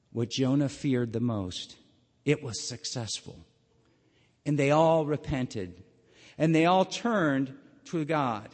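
A man preaching a sermon and telling the story dramatically, his voice swinging between loud and hushed. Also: medium pitch, slow, pauses often, big-room sound.

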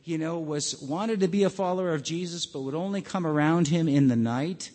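A man preaching a sermon as pastor, earnest and halting, often restarting his words. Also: a little high, a little mellow, in a large hall.

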